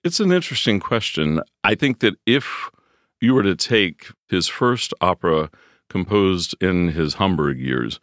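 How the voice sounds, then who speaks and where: A man answering as a music scholar in a measured, academic way. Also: sits low, expressive, fairly bright tone, no room sound, clean studio sound. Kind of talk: explanatory commentary.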